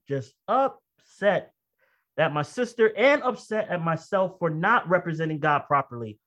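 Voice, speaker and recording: Telling a personal story in a conversational sermon, a man alternates rapid asides with slow, weighty phrasing, breaking into loud, high-pitched bursts as he reenacts emotion. The recording is muffled.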